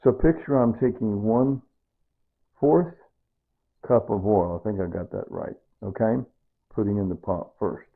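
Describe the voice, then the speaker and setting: Male home cook, rambling, repetitive, casual; raspy voice, tinny phone-line audio. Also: on the low side, unhurried, pauses often. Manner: rambling, repeats himself. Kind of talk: casual rambling cooking talk.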